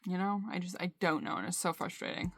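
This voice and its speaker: A young woman recording a candid personal video diary on her phone, talking haltingly with many fillers and restarts. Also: on the low side, animated, a bit bright, no echo. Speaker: vlogger. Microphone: phone camera.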